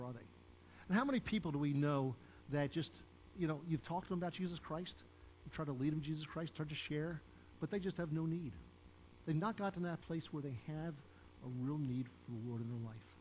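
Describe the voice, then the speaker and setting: Older pastor guy preaching, kinda high voice, asks the room questions, faint hiss behind. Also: fast talker, darkish tone, poor audio. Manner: conversational, asks the listeners questions; acts out quoted lines in a raised voice. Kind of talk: sermon.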